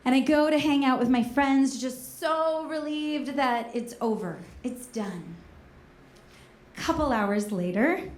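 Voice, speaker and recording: Woman storyteller, bright high voice, self-mocking comic delivery, roomy echo around her. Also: unhurried. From Northern California. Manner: lively, self-mocking, acts out quoted voices. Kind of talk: comedic personal story told on stage.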